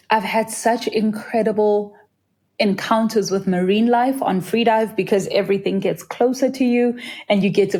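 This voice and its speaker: A South African woman, a freediver, telling her story in an earnest, vivid interview, sometimes acting out the voices of others. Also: mellow. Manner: earnest and vivid, acts out quoted voices in a higher pitch. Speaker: freediver, guest.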